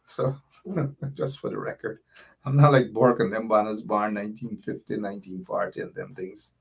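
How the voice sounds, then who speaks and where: A man's voice: lowish voice, steady tone, moderate pace, creaky, breathy edge. A middle-aged man with a Guyanese accent hosting a political commentary livestream, impassioned and reading viewer comments aloud. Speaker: show host.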